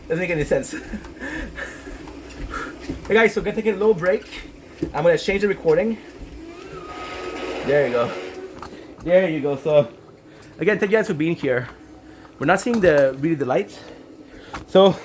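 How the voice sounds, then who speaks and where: A man's voice: fairly high pitch, slight background noise, rough recording. A man live-streaming on a walk, chatting casually with his viewers, greeting them by name and swearing freely.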